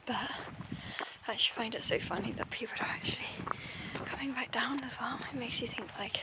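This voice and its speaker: A young woman vlogging casually on a mountain trail, talking in a hushed, often half-whispered, chatty way into a handheld camera. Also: a little high, fairly quick, low-quality recording. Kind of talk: casual vlog narration to camera. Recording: windy outdoor noise. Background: wind.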